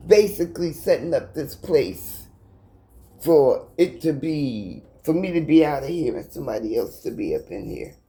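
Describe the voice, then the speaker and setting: A middle-aged American vlogger speaks from her apartment in an emotional personal video, her fairly low, dark voice carrying a breathy edge. Fighting back tears and stuttering, she addresses her viewers directly with impassioned, repetitive words.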